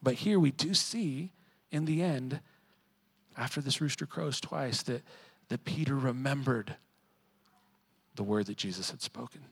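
Guy preaching a sermon, chatty, medium voice, gets loud and fired up at times. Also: mid-range voice, a little slow, creaky, pauses often, husky, rough recording. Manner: conversational preaching, swings from quiet to emphatic. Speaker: pastor.

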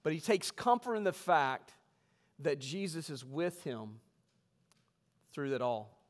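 A man preaching as pastor in a church sanctuary, reading scripture slowly and then talking with humor in a conversational way. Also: fairly high pitch, very animated. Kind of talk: sermon. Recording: long hall reverb.

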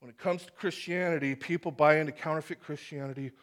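A man preaching a sermon to a congregation, animated and acting out the voices in his stories. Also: fairly high pitch, fast. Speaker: pastor. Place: church hall with congregation.

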